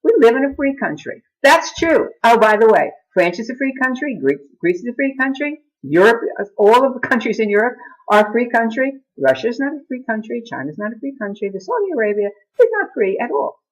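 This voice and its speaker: A woman's voice: on the high side, lively intonation, a little fast, rough recording. A middle-aged woman vlogging in a casual chat to camera, laughing at her own jokes as she talks.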